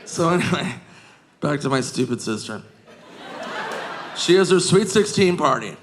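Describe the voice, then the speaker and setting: A man in his forties doing stand-up, telling stories in an animated way that jumps into loud shouts on a comedy stage. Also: fairly high pitch, a little slow. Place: comedy stage before a live audience. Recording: live comedy club, audience noise.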